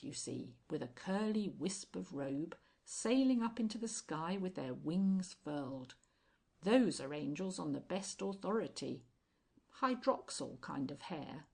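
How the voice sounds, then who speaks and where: A pompous, self-satisfied country doctor, played by a woman reading aloud, lecturing with smug certainty in a storybook. The voice is low and breathy, lifting with insistence. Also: a little mellow, full character voice.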